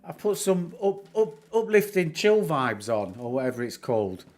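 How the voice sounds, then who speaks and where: Background music runs as a middle-aged man from Northern England chats on his livestream, rambling along and cracking jokes at his own expense. He talks at normal speed in a slightly high, sing-song voice with a darkish tone.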